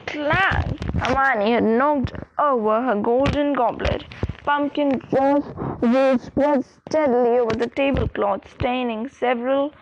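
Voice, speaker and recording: A woman narrating a children's novel as an audiobook reader, reading slowly and evenly. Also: high voice, steady tone. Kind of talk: storybook narration. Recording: dull lo-fi recording.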